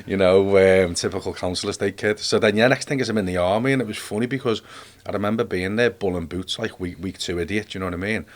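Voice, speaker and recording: Podcast guest: Scouse man, 40s, deep, rapid, rambling and chatty. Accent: Liverpool. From Liverpool, England. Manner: rambling, peppered with "mate" and "you know what I mean". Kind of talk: casual life-story chat.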